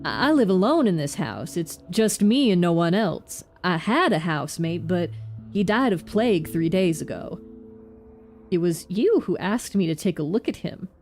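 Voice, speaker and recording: A frightened, paranoid man shut in his house pleads to be left alone, repeating himself in a frantic rush, as a woman reads him aloud. His voice is soft and mellow rather than sharp. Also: on the low side, sing-song, moderate pace, faint music behind. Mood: distraught.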